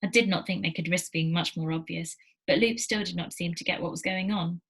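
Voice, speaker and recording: A teacher reading a novel aloud to her class in a steady storytelling manner, with small slips. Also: fairly low pitch, a little fast, breathy edge, low-quality recording.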